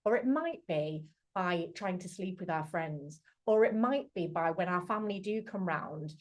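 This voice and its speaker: A woman's voice: on the low side, lively intonation, normal speed, darkish tone. A woman, a charity chief executive, giving an earnest talk over a video call, acting out quoted dialogue as she goes. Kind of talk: talk on domestic abuse. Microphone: computer mic on a video call.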